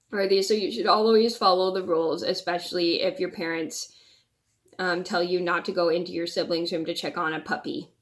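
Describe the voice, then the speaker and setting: A young woman vlogger telling a personal story in a casual, rambling way, often restarting and repeating words. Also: on the low side.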